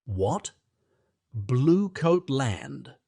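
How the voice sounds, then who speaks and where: A man's voice: medium pitch, sing-song, drawn-out words, creaky, warm tone, dry recording, clean studio sound, pitched above the performer's own voice, full character voice. A man reading the part of a gloomy, anxious older woman in an audiobook. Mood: dismayed. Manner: plaintive, anxious. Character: gloomy, unhopeful older countrywoman.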